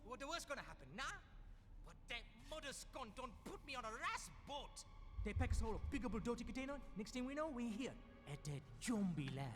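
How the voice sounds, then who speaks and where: A cocky street kid with a thick Guyanese accent, his voice sitting very high and leaping all over. He runs on heavy dialect and swagger. The game audio rings with long reverb over loud music. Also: big pitch swings, brisk. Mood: streetwise.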